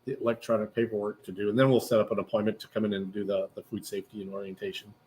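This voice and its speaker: A man's voice: fairly low pitch, level tone, rapid-fire, darkish tone, a little hiss or hum. A man at a staffing agency explaining next steps on a phone call, with many hesitant fillers.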